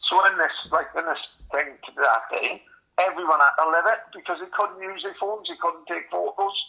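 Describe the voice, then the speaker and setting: A man's voice: fairly high pitch, fairly even intonation, fairly quick, gravelly, lo-fi sound. Foul-mouthed man in his forties telling stories. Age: 40s. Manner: swears constantly, rambling storytelling. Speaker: podcast host. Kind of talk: casual chat.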